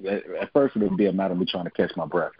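A man giving an earnest, halting personal testimony on a family prayer line. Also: low-pitched, steady tone, husky, no room sound, highs cut off.

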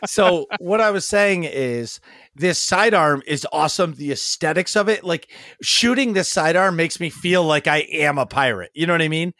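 A man in his thirties co-hosts a casual podcast, rambling along with enthusiasm and dropping quick jokes. His voice sits a little high for a man. The sound is dry and close, with no room echo. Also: animated, sharp tone. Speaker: podcast co-host. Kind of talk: casual chat.

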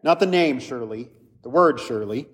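A man's voice: medium pitch, animated, brisk. Earnest male pastor in a reverberant church. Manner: earnest, conversational preaching with frequent "right?" asides. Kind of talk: sermon.

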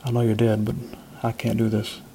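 A man's voice: lowish voice, monotone, a little fast, dark tone, slight background noise, close to an everyday voice. A man reading the lines of a desperate widower in a story, pleading and strained. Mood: anguished. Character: grief-stricken older widower, worn and desperate.

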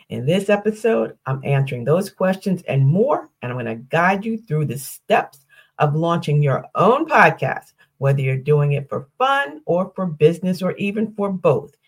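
On her own podcast, an older woman teaches in a cheerful step-by-step manner, raising questions and walking listeners through lists. She speaks a little slowly in a lowish, sing-song voice with a breathy edge.

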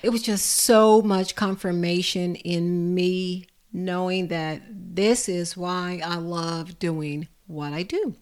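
A woman caregiver telling a personal story to an audience in a lively, expressive way. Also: on the low side, slow, hardly any pauses, clear, resonant tone. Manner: expressive, lively storyteller who builds to laughter. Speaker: home caregiver.

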